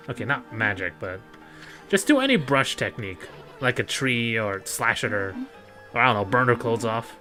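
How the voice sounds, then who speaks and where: A man doing let's play commentary, joking and giggly, excitable about the game. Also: medium pitch, normal speed, soft background music.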